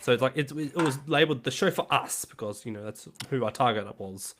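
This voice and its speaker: Easygoing male podcast co-host, mid-pitched, reacts and jokes quickly. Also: a bit bright. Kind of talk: casual chat.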